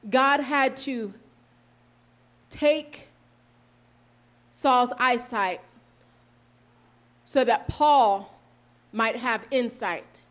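A woman giving a sermon, reading scripture aloud and explaining it earnestly, slowing down for emphasis and correcting herself now and then. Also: on the high side, fairly bright tone. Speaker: preacher.

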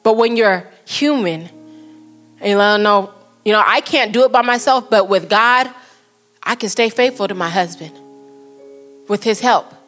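A woman's voice: mid-range voice, fairly bright tone, soft background music. Woman preaching a sermon. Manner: earnest, slows down for quotes and prayers.

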